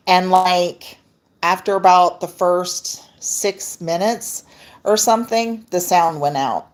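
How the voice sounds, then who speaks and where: A woman talks slowly and casually to viewers over a laptop mic, greeting them by name. Her voice sits low for a woman, and she laughs easily between stories. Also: a little mellow. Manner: chatty, reads viewer comments aloud, laughs often. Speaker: livestream host. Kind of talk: casual livestream chat with viewers.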